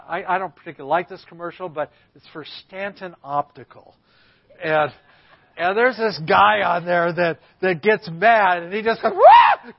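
A man's voice: sits high, no echo. A man as a guest preacher delivering a sermon, telling the story with dramatic emphasis. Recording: slightly muffled dry recording.

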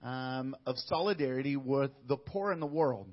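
A man's voice: medium pitch, moderate pace, muffled recording. A man, a missionary guest on an interview show, telling a family story and acting out the quoted dialogue.

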